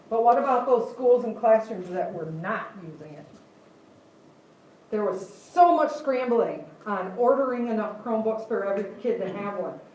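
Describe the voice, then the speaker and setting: A woman's voice: mid-range voice, a little mellow, slight background noise. Older lady talking to a class, chatty and laughing, really echoey room, sounds far from the mic. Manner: chatty, laughs often, asks the audience questions. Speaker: guest speaker. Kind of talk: classroom talk. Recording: echoey room, voice heard from a distance.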